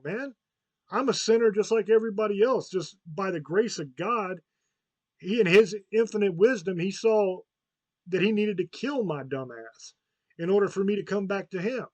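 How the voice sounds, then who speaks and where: A man's voice: high-pitched, no echo. A man, a podcast host, talking casually in a profane, rambling, heated way. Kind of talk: casual chat.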